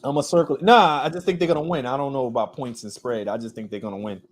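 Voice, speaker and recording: Talking fast in a medium-pitched voice, this sports podcast co-host discusses football picks casually. He rambles, restarts frequently and trails off with ums, and there is slight background noise.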